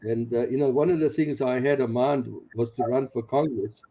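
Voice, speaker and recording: A man in his sixties, a missionary pastor, telling his personal testimony in an animated way, chuckling along as he goes. The recording sounds dull and lo-fi. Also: medium pitch, moderate pace.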